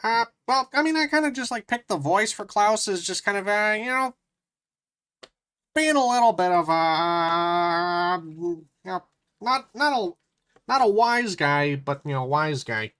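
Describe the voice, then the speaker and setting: A man's voice: sits high, animated, measured pace, a bit bright, smooth. Playful man chatting on a live stream. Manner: chatty and playful, muttering to himself while working. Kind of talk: casual live stream, reading a puzzle book aloud.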